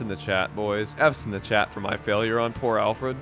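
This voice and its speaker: A man's voice: fairly low pitch, steady tone, normal speed, a bit bright, faint music behind. A young man chatting casually as a game streamer, rambling with lots of fillers. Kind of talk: casual gaming commentary.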